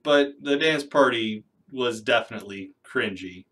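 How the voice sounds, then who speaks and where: A man of middle pitch delivers skeptical reaction commentary. His voice sounds slightly distant from the microphone. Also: measured pace, fairly bright tone. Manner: critical, skeptical.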